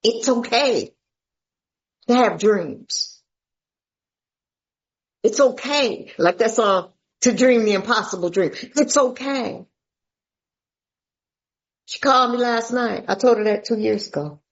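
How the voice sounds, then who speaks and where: A woman's voice: on the high side, slow, pauses often, lo-fi sound. A woman from Atlanta sharing her recovery story at a meeting, folksy and emphatic, calling listeners "baby".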